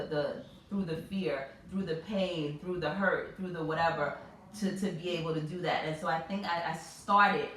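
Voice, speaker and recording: A woman in her thirties hosts a casual chat, telling stories with animated expression. Her voice sits a little low. She is picked up by a far-off mic in a strongly echoing room. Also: a little hiss or hum. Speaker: host.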